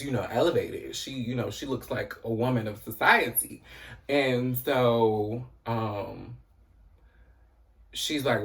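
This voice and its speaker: A man talks through a TV episode in a loose, chatty recap, peppering his sentences with "you know" and "um" and the odd curse. His voice sits at an everyday middle pitch. He sounds a little distant from the mic. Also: fairly bright tone. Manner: chatty, profane, frequent "you know" and "um" fillers. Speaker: TV recap host.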